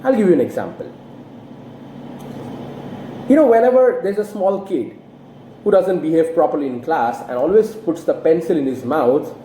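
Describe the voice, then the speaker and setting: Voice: medium pitch, dark tone. An English teacher giving an online lesson who asks the listener rhetorical questions and swings the voice in exaggerated rises and falls. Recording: roomy echo, faint background noise.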